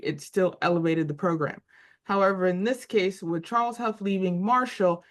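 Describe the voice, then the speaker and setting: A woman in her forties chats about college football as a show co-host, with a slightly low voice. She thinks out loud, stumbling and repeating words as she searches for names. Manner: thinks aloud with frequent restarts and repeated words. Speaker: podcast co-host. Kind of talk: casual sports talk.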